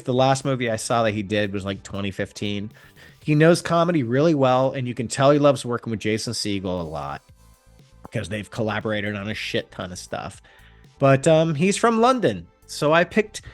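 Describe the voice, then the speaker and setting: A man's voice: mid-range voice, lively intonation, moderate pace, soft background music. A man co-hosting a podcast in casual chat, rambling with frequent ums. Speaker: podcast co-host.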